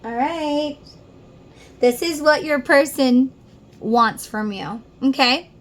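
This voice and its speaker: A woman's voice: high voice, takes it slowly. A middle-aged woman giving a casual tarot reading, talking earnestly and straight to the listener. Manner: earnest, heartfelt, addresses the listener directly. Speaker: tarot reader.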